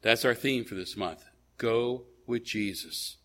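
Speaking slowly in a sharp, medium-pitched tone, a man gives a sermon as a pastor. The delivery is casual, with frequent false starts, pauses and rhetorical questions.

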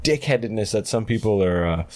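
A man telling a story in a relaxed podcast chat. He laughs easily and jumps up high and loud when he acts out the people in his story. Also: brisk. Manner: animated storyteller, acts out quotes loudly, laughs often. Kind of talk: casual chat.

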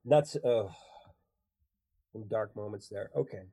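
A man chatting casually as a comedian guest, animated and laughing often between silly bits. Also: lowish voice, slow, slightly rough. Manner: animated, laughs a lot, jumps into silly voices.

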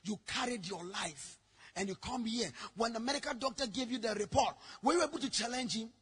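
A man preaching a sermon, telling stories with sudden shouted lines. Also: very high voice, brisk, breathy edge. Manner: dramatic storytelling, bursts into shouting. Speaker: pastor.

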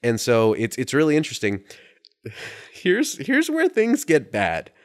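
Animated man telling a story. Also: mid-range voice, unhurried. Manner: animated storyteller, swears freely, many restarts. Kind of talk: casual chat.

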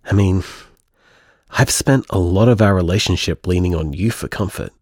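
A devoted partner, played by a man, speaks slowly and gently to reassure someone. His voice is low and husky, and the recording is dry and close. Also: no echo. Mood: tender. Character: tender, devoted male partner. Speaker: comforting partner. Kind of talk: audio drama acting.

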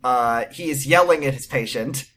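A man's voice: medium pitch, normal speed, a bit bright. A man co-hosting a casual podcast, wryly retelling TV scenes with sarcastic asides. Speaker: podcast co-host. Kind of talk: casual recap chat.

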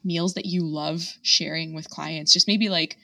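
A woman's voice: low voice, fairly even intonation, measured pace, gravelly, sharp tone, dry recording, recorded from a distance. A woman hosting a podcast, chatting with enthusiasm and saying "like" often. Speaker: podcast host. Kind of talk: casual podcast chat.

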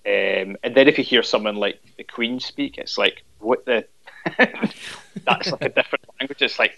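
A man's voice: mid-range voice, moderate pace, vocal fry, a bit bright, highs cut off. Jokey man in his thirties. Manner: jokey, self-deprecating, rambling. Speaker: podcast guest. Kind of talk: casual chat.

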